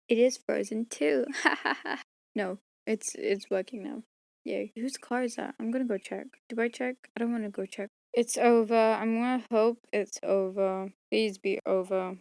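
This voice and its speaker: A woman's voice: a little high, fairly even intonation, a little slow, creaky, darkish tone, no room sound. A tired woman chatting casually to herself while recording an audiobook at home, rambling and joking between takes. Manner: tired, rambling, self-mocking. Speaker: audiobook reader recording outtakes. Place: home room.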